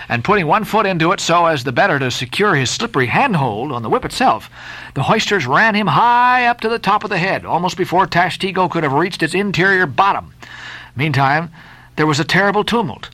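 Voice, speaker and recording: A man reading a classic novel aloud as a narrator, dramatic and expressive. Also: fairly high pitch, dry recording. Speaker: audiobook narrator.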